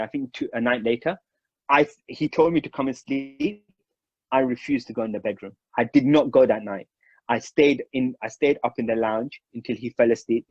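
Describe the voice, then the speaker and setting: A man's voice: medium pitch, breathy edge, no echo. A man, from Mauritius, casually telling a personal story and acting out the quoted voices. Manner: animated, acts out quoted dialogue. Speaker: storyteller recounting memories. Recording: dry, slightly dull recording.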